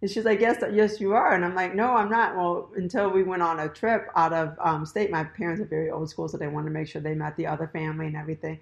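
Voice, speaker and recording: A woman's voice: low voice, flat delivery, quick pace, creaky, hardly any pauses. A young woman hosting a casual chat, laughing easily and telling her own story. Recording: echoey room.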